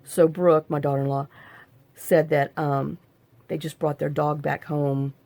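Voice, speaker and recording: A woman's voice: deep voice, little pitch movement, unhurried, warm tone, no room sound. A middle-aged woman hosting a crafting video, rambling and chatting to herself as she works. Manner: rambling, talks to herself while working. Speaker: crafting channel host. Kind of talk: casual crafting tutorial chat.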